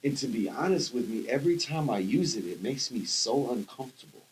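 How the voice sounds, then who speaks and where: A man co-hosting a podcast, talking in an animated, rambling way with lots of restarts and casual slang. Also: mid-range voice, a little fast, a little hiss or hum, rough recording. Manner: animated, rambling with restarts, says bro and dude. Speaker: podcast co-host. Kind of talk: casual chat.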